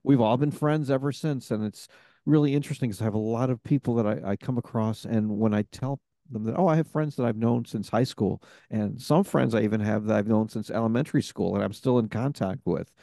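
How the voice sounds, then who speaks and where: A podcast host telling stories in a casual chat, rambling with many fillers. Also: male voice, mid-range voice, a little fast, mellow, no echo, clean studio sound.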